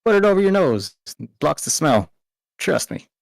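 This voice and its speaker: A man's voice: on the high side, very animated, moderate pace, gravelly, dry recording, pitched above the performer's own voice. A man voicing an out-of-place city man who awkwardly tries to fake a country accent. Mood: helpful.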